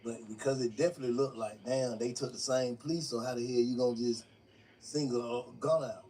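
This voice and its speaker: Mellow-voiced man asking questions. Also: mid-range voice, fairly even intonation, brisk. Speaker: interviewer. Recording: distant mic with faint room noise.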